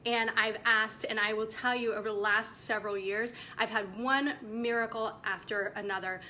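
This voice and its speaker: Woman, 40s, motivational coach, bright forceful tone, slightly high, faint rumble under it. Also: fairly even intonation, moderate pace. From United States. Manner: emphatic, passionate, preachy. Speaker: women's coach. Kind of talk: direct-to-camera motivational talk.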